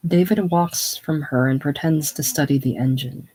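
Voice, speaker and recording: A reader calmly reading stage directions aloud in a casual play reading. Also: medium pitch, normal speed, hardly any pauses, husky, poor audio.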